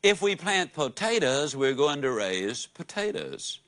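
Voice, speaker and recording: A man's voice: fairly high pitch, big pitch swings, measured pace, fairly bright tone, dry recording. A man giving a live motivational speech, telling folksy stories and asking the audience questions. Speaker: motivational speaker.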